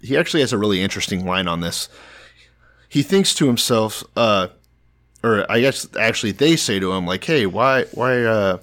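A man's voice: fairly low pitch, lively intonation, a little fast, fairly bright tone. A man in casual conversation, reading a story aloud and mocking it with crude, sarcastic asides. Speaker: podcast co-host. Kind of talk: casual irreverent chat.

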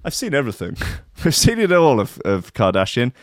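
A man's voice: mid-range voice, wildly swooping pitch, normal speed, no echo. Rambling sardonic man, dry sound. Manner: rambling, sardonic, sweary, self-mocking. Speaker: comedian host. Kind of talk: comic news riff.

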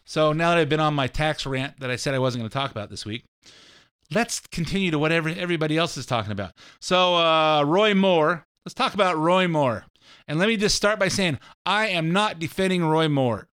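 A middle-aged male show host delivers an opinionated monologue, blunt and ranting, often repeating himself. His voice is a little high, a bit bright, and smooth.

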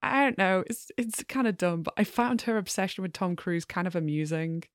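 A woman's voice: on the low side, animated, fairly quick, no room sound, clean studio sound. A woman co-hosting a podcast in casual chat, giggling and acting out little quotes. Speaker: podcast co-host.

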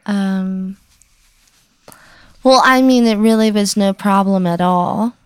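Slow-talking woman guest. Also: mid-range voice, smooth, dry recording, clean studio sound. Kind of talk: casual chat.

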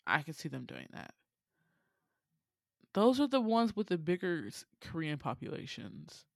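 Animated, swearing woman podcast co-host. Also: deep voice, measured pace, gravelly, no room sound, studio quality. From United States. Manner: animated, swears freely, laughs often. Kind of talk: casual chat.

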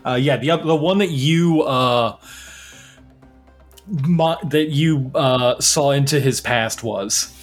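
A man narrating a tabletop role-playing game as game master, animated and halting, often restarting his sentences. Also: mid-range voice, soft background music.

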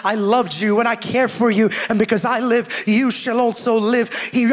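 A high-pitched male preacher delivering a church sermon, his voice ringing through a long hall reverb. He surges into shouted calls and then drops into quiet, measured teaching, joking with the congregation in between. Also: fairly even intonation. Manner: jokes with the congregation. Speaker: pastor.

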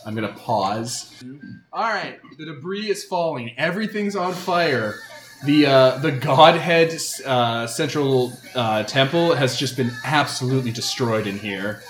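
A man's voice: medium pitch, expressive, measured pace, fairly bright tone. A man running a tabletop role-playing game as game master, describing scenes with many fillers. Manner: descriptive, filler-heavy narration. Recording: roomy sound with faint music.

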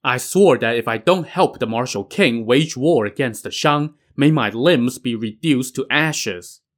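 A man's voice: medium pitch, lively intonation, unhurried. A man voicing an earnest, dutiful young prince who is easily swayed.

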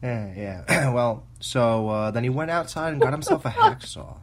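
A man's voice: medium pitch, huge pitch swings, moderate pace, pitched below the performer's own voice. A man doing a cackling Boston gravekeeper. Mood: creepy storytelling. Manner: drawling, breaks into creepy chuckles. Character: cackling old male gravekeeper telling a grim tale.

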